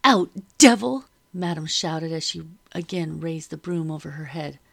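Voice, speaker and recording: A woman reading a first-person novel aloud as audiobook narrator, steady and measured. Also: low voice, creaky.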